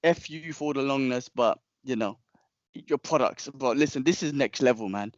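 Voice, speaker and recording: A young man, a podcast co-host telling a long story in casual chat, animated and rambling, with frequent restarts and slang. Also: medium pitch, normal speed, no room sound, muffled recording.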